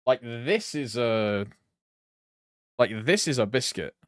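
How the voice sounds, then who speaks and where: Rambling British man, lively voice. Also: medium pitch, takes it slowly, dry recording, studio quality. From Britain. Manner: rambling, swears casually, chats with viewers while playing. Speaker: game streamer. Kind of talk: casual live-stream chat.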